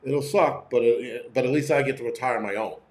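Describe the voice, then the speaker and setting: A man's voice: mid-range voice, normal speed, a little mellow, roomy sound. A middle-aged man hosting a prepping channel, talking in a profane, blunt, rambling livestream rant from home. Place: room at home.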